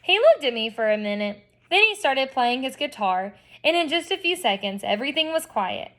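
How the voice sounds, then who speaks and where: A woman's voice: high-pitched, very animated, moderate pace, fairly bright tone. A woman reading a children's novel aloud expressively, with chatty asides to her listeners. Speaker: reader.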